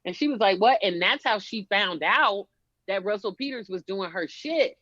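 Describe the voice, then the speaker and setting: Woman comedian, casual chat, animated storytelling, dry close sound, dull lo-fi audio. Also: mid-range voice, moderate pace, no room sound. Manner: animated storytelling, acts out quotes. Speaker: stand-up comedian.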